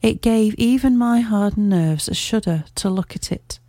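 Mellow-voiced woman narrating a classic story. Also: mid-range voice, dry recording. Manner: measured, clear storytelling. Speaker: audiobook narrator. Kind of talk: first-person audiobook narration.

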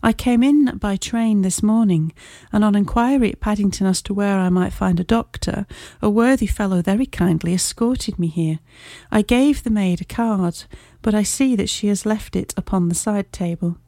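Woman reading a polite, agitated young male engineer; mellow tone, dry close read, audiobook. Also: medium pitch, normal speed, few pauses, no echo, close to an everyday voice. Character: young male engineer, shaken but composed.

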